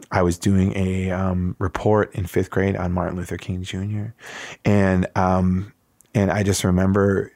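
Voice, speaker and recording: A man in his forties from Wisconsin, telling a personal story in conversation, reflective and halting with many fillers. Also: sits low, creaky, a little mellow, no echo, clean studio sound. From Wisconsin, USA. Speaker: interview guest.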